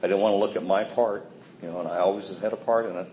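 A man's voice: deep voice, steady tone, quick pace. A man giving a candid, plainspoken personal recovery testimony, self-deprecating about his past behavior. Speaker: speaker sharing a recovery story. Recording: echoey, dull sound with faint ambient noise.

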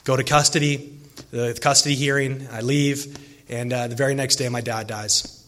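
Man giving a personal testimony, earnest, emotional, halting with fillers. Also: medium pitch, steady tone, a bit bright. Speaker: recovering alcoholic sharing his story.

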